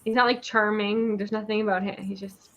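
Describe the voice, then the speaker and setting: A woman's voice: medium pitch, fairly even intonation, brisk. A woman hosting a casual book club chat, asking questions and laughing often. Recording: dull, lo-fi mic with faint noise.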